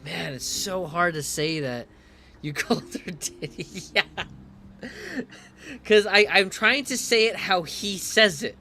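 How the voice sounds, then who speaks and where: A man's voice: high voice, measured pace, bright, forceful tone, a little hiss or hum. Giggly man doing gameplay commentary. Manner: giggly, reads subtitles aloud, self-mocking. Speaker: gaming streamer.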